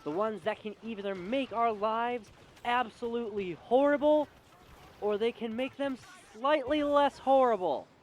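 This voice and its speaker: A young man ranting sarcastically in a casual comedic vlog, punching key words with sudden jumps in pitch and loudness. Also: unhurried, dull audio, a little hiss or hum. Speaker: vlogger.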